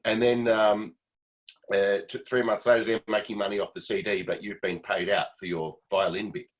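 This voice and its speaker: Low-voiced man giving advice on a call. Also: little pitch movement, moderate pace, poor audio. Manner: rambling, advisory. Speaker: meeting participant, former session musician. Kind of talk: casual video-call chat. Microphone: video call.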